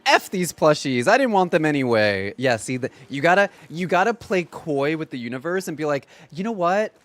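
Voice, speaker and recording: Young guy streamer, excitable and sarcastic, kinda high voice that bounces all over. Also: a little fast. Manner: excitable, dramatic, sarcastic, often laughing. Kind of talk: casual gaming livestream chat.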